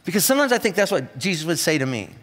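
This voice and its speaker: A man preaching a sermon in a casual, animated storytelling way, acting out the people in his stories. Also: on the high side, very fast, in a large hall. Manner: conversational, animated storytelling with acted-out quotes. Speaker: pastor. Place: church auditorium.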